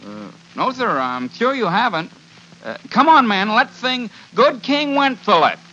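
An actor playing a soft-spoken, menacing gang leader with a faint lisp in a 1940s radio drama. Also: male voice, high-pitched, big pitch swings, measured pace, heavily acted. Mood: polite disguise. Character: Lou the Lisper, menacing smooth gang leader. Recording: dull old radio broadcast.

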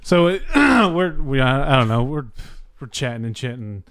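A man's voice: medium pitch, sing-song, moderate pace, a bit bright, no room sound, studio quality. A man casually telling a rambling night-out story, swearing freely and acting out what people said. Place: Los Angeles area.

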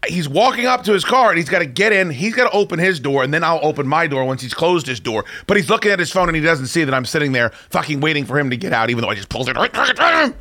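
A male talk-show host ranting profanely in a casual chat, breaking into shouts and laughter. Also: a little high, animated, fast, hardly any pauses, dry recording. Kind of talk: casual radio-show rant.

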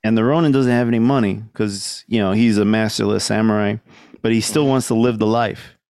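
A man's voice: on the low side, steady tone, fairly quick, a little mellow, smooth, dry recording. Laid-back joking man, dry sound. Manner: loose and joking, laughs often, peppers speech with "man" and "dude". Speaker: podcast co-host. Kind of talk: casual chat about a film.

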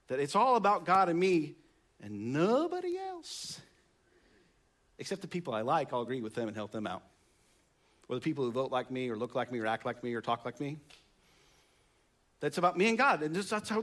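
A pastor preaching a sermon, reading scripture aloud and then commenting on it conversationally, with emphatic rises. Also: male voice, mid-range voice, fairly bright tone.

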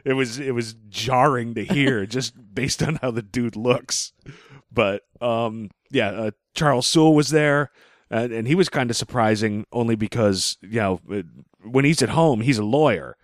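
A man's voice: mid-range voice, normal speed, no room sound, clean studio sound. A man co-hosting a podcast from a living room, chatting casually in a wry, rambling way with the odd swear word. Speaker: podcast co-host. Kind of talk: casual chat. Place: living room, mobile recording rig.

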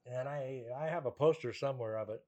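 A man, a guest musician, telling anecdotes in conversation, animated and often laughing as he talks. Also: mid-range voice, brisk, dull audio. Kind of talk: conversational storytelling.

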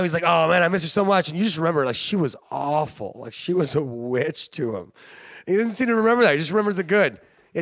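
A man's voice: high voice, no room sound, clean studio sound. A man hosting a sports show, rambling and joking in casual commentary, often laughing. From Canada. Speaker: sports podcast host.

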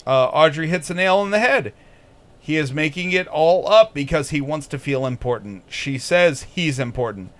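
A man's voice: fairly high pitch, lively intonation, normal speed, fairly bright tone. A man hosting a podcast in casual chat, swearing constantly and sneering sarcastically. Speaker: podcast host. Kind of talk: casual profane commentary.

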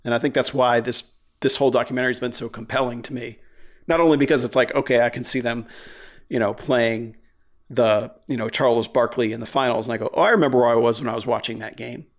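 A man's voice: medium pitch, steady tone, fast. A man in casual podcast chat, rambling with many fillers and frequent swearing.

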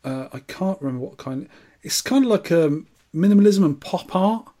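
A man's voice: high-pitched, expressive, moderate pace, dark tone. A man co-hosting a podcast, chatting playfully and teasing his friend. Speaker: podcast co-host. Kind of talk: casual chat.

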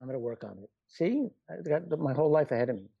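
A man's voice: a little high, lively intonation, fast, gravelly, slightly rough, dry recording. A middle-aged man, a doctor and author, chatting as a guest in a rambling, self-deprecating way. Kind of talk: casual interview chat. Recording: muffled lo-fi sound.

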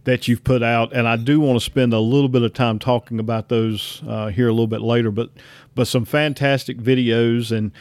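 A man's voice: mid-range voice, fairly even intonation, brisk, a little mellow, no room sound. A man with a Southern US accent hosting a casual interview, chatty and rambling with many restarts. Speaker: podcast host.

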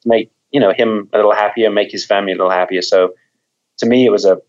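A man with a lowish voice, talking as a guest author. He is thoughtful and loose, and he often restarts his words. The audio is dull and lo-fi. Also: fairly even intonation, fast. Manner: thoughtful, repeats words while thinking. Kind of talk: conversational interview.

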